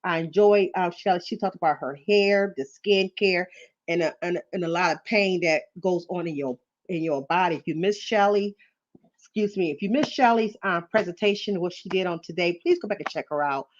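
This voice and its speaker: A woman's voice: on the low side, normal speed, highs cut off. A middle-aged woman hosting a livestream, chatting nervously and apologetically, with many ums and you-knows. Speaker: YouTube live-stream host. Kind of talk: casual livestream chat.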